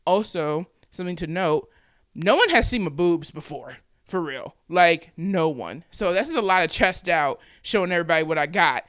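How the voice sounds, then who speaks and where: A woman's voice: lowish voice, animated, normal speed, no room sound, clean studio sound. A woman in her twenties telling her own story to the camera in a candid, conversational way, with plenty of "like" fillers. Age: 20s. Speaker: vlogger and podcaster.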